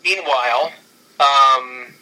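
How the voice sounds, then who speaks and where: A man in casual chat, excitedly rambling through an imagined storyline with many restarts. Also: mid-range voice, extremely slow, low-quality recording. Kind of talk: casual fantasy-booking chat.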